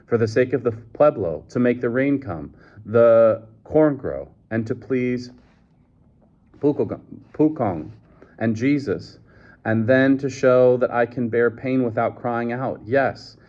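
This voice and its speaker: A man's voice: medium pitch, slow, a little mellow, natural voice. A man reading aloud, voicing an earnest, emotional young man with an old-fashioned way of talking. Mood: proud. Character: earnest, anguished young man raised apart. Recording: dull lo-fi recording.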